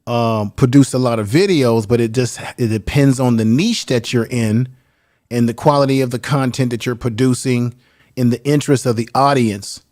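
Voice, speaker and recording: A man's voice: mid-range voice, fairly even intonation, normal speed, darkish tone. A man who is a little tired, a guest on a live stream, giving earnest advice about building a channel. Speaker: guest YouTuber. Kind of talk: casual live stream chat.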